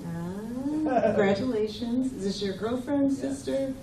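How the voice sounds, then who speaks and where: A woman's voice: on the high side, a little slow, slight background noise. A middle-aged woman doing a stand-up comedy set, with brash, teasing banter aimed at the audience. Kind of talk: stand-up set with crowd work. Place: comedy club stage. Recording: echoey room, mic from far off, loud crowd. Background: audience laughter.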